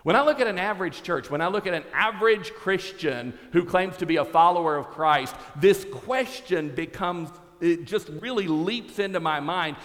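A man preaching a sermon from a church stage, telling stories dramatically and shifting from quiet to loud. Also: sits high, normal speed, few pauses. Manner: dramatic storytelling, swinging from hushed to shouted. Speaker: pastor. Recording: long hall reverb.

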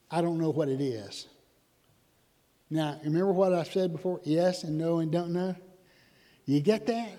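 A man preaching a sermon in a church, animated and conversational with sudden loud outbursts. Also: sits high. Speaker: pastor. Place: church sanctuary. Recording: long hall reverb.

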